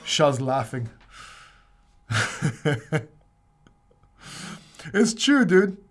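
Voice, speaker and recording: A man hosting a casual crypto livestream, answering viewer questions in a rambling, joking way with plenty of laughter. His voice sits fairly high for a man. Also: big pitch swings, extremely slow. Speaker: crypto channel host.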